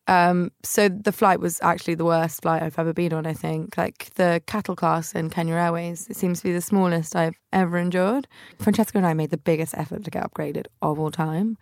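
Brief: podcast host, woman, low gravelly voice, chatty anecdotes. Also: dry recording, clean studio sound. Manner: chatty, animated anecdotes with acted-out quotes. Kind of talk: casual storytelling monologue.

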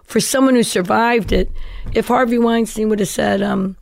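A middle-aged woman being interviewed, telling her life story in a lively way and acting out the people she quotes. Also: mid-range voice, normal speed, gravelly, few pauses, dry recording. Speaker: guest.

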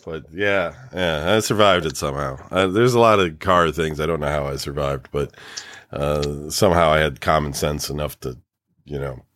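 This middle-aged man co-hosts a podcast with a rumbling low voice at normal speed. He tells stories animatedly in casual chat, swearing and laughing a lot.

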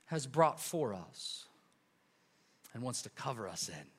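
A male pastor preaching a casual, energetic sermon to a church congregation, full of slang, repeats and asides. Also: mid-range voice, slow pace, husky. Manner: lively, chatty preaching with slang and repetitions. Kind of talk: sermon with a live illustration.

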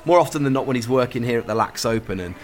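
A man's voice: mid-range voice, animated, racing, slight background noise. A man co-hosting a casual podcast chat, jokey and teasing, laughing often. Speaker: co-host.

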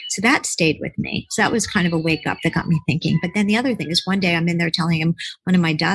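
Husky, low-pitched woman telling a rambling story. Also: brisk, dry recording, rough recording. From United States. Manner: rambling, animated, acts out quoted voices. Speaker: author and relationship expert, podcast guest. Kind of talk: casual interview storytelling.

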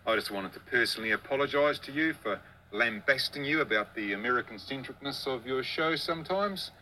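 A man with a New Zealand accent speaks in a friendly, teasing way as he leaves a voicemail message. His tone is sharp and bright. Faint ambient noise sits behind the recorded message. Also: mid-range voice, expressive, brisk, low-quality recording. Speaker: listener leaving a voicemail.

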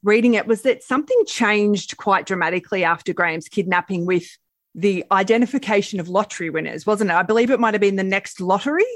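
A woman's voice: mid-range voice, quick pace, no room sound, studio quality. A woman hosting an interview podcast, asking questions in a curious, conversational way. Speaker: podcast host.

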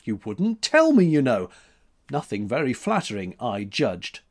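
A gaunt young drifter speaks with dry, self-mocking humor, as a male narrator plays him. His voice moves a lot in pitch but stays unhurried. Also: wildly swooping pitch. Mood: wry.

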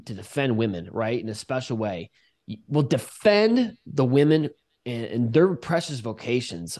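A man being interviewed, talking earnestly with many halting restarts. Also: mid-range voice, darkish tone. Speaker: guest. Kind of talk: casual interview talk.

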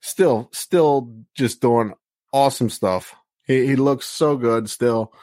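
A man's voice: mid-range voice, slow, dark tone, no room sound. A man co-hosting a casual wrestling podcast, talking bluntly with lots of swearing and filler words. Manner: blunt, heavy swearing, frequent "like" and "you know". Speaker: podcast co-host reviewing wrestling.

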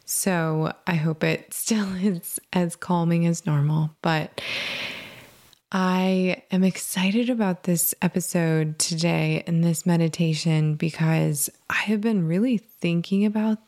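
A woman in her thirties hosting a meditation podcast, talking in a gentle, rambling, reflective way, her voice a little scratchy from allergies. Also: on the low side, steady tone, slow. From Michigan, USA. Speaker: podcast host. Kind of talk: casual meditation podcast intro.

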